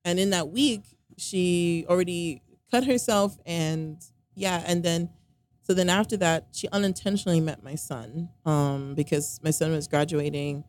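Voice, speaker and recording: Woman with a slightly lower voice, chatty and rambling, acts out the quotes as she tells a story. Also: a little slow. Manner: rambling, filler-heavy storytelling with frequent "like" and "um"; animated, quoting others mid-story. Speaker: storyteller recounting a relationship. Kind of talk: casual conversation.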